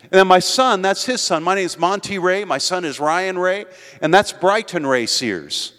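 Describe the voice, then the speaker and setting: A man's voice: high voice, animated, normal speed, fairly bright tone. An older man preaching a sermon in a church, telling his own story earnestly and building to emphatic appeals. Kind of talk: sermon with personal testimony. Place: church sanctuary. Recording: long hall reverb in a church.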